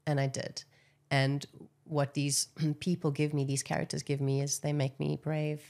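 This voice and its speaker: A woman, an actress as guest, talking openly in an interview, often pausing and repeating words. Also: deep voice, level tone, vocal fry, a little mellow. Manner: halting, repeats words, breaks into song snippets. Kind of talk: candid interview chat.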